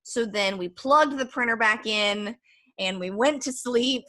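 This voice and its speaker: A woman's voice: fairly high pitch, measured pace, bright, forceful tone. A young woman hosting a podcast, telling a candid, rambling story in casual chat with lots of fillers. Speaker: podcast host.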